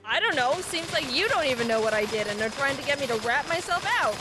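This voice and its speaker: Brief: woman with a higher voice, deadpan storyteller over gameplay, noisy background. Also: fairly quick. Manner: deadpan, sarcastic asides.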